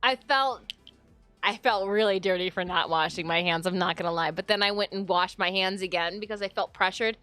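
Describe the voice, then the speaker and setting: A woman's voice: mid-range voice, fairly quick, pushed and bright, no room sound. A woman in her thirties, a streamer in casual, playful chat with her viewers and her cat. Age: 30s. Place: home streaming room. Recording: dry close sound with music under it.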